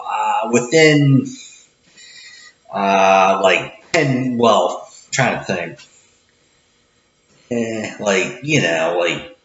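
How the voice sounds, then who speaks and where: A man who works as a cashier, talking in a casual vlog with a loud, projecting voice, rambling with many restarts and acting out the greetings he gives customers. He sits back from the camera in an indoor room. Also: fairly low pitch. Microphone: camera mic at some distance. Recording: echoey room, dull lo-fi sound, faint noise.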